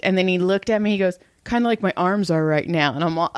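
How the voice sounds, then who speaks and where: A middle-aged woman co-hosts a podcast, casually trading blunt, profane family stories and acting out everyone's lines. Her voice sits fairly low and moves at a quick pace. The recording is studio quality with no echo.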